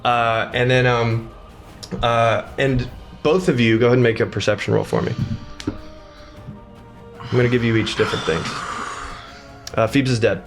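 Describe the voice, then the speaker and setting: A man narrating as game master of a tabletop game, halting with many fillers. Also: medium pitch, steady tone, soft background music.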